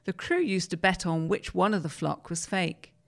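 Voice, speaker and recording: Woman presenter, lowish voice, measured article reading. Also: creaky.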